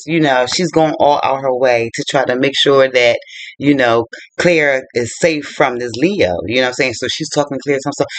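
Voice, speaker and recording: Animated man retelling a book plot. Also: mid-range voice, no echo. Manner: animated colloquial storytelling. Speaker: book reviewer.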